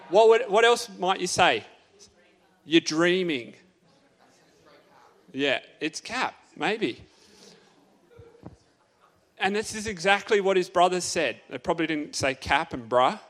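A man's voice: a little high, lively intonation, normal speed, a bit bright. A man giving a youth sermon as a playful story, asking his audience lots of questions. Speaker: youth speaker.

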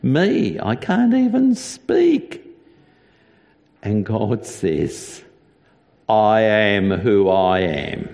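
Man, pastor, sermon, earnest emphatic repetition, gravelly, long reverb. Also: low-pitched, warm tone. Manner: earnest preaching, slow deliberate delivery with emphatic repetitions.

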